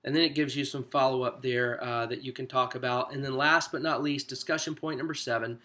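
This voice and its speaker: A man's voice: mid-range voice, fairly even intonation, brisk, sharp tone. A man, a pastor, coaching small group leaders through a discussion guide in a loose, conversational teaching manner. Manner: conversational, loose, with frequent "you know" asides. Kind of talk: informal teaching walkthrough.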